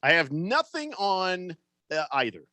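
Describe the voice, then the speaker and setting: A man co-hosting a sports radio show, joking around and slipping into quick put-on voices. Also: high voice, very animated, bright, forceful tone, no room sound. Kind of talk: casual sports talk banter. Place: radio studio.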